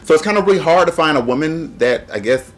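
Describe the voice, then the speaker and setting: A man's voice: fairly high pitch, animated, fast. A man hosting a casual review, chatty and blunt, joking and laughing often. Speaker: host.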